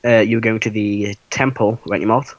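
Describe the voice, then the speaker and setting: A man's voice: lowish voice, fairly even intonation, a little fast, no room sound, rough recording. A man narrating as game master for a tabletop game, casual and hesitant with many fillers. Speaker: dungeon master.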